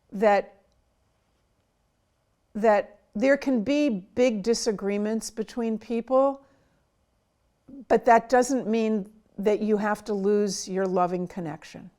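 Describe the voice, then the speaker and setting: A middle-aged woman, a child psychiatrist, giving earnest advice to parents in an interview and sometimes acting out what parents and children say. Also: mid-range voice. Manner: slow, earnest, acts out quoted dialogue.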